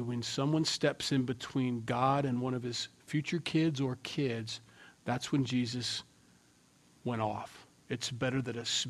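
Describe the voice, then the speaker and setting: Emphatic male pastor preaching. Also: mid-range voice. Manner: emphatic, swings from loud to hushed. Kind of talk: sermon.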